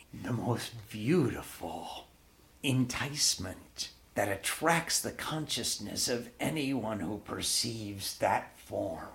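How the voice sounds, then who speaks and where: A man giving a devotional discourse as a spiritual teacher, retelling a sacred story in an expressive storytelling manner. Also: lowish voice, gravelly, a little hiss or hum.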